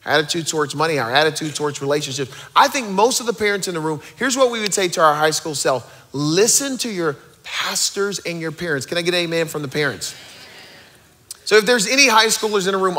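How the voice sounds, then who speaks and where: A man in his thirties preaching a sermon as pastor, energetic and rallying the crowd with joking asides. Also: a little high, quick pace.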